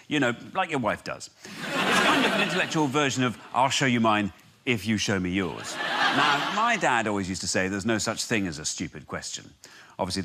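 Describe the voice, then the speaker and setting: A man hosting a comedy panel show, delivering scripted jokes in a dry manner. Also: medium pitch. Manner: dry joke-telling delivery. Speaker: host. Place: TV studio. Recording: TV studio with loud audience and noise.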